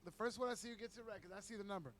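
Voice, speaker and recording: A man who is a stand-up comedian, chatting casually on a livestream, swearing and tripping over repeated words when excited. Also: high-pitched, racing. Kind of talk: casual chat.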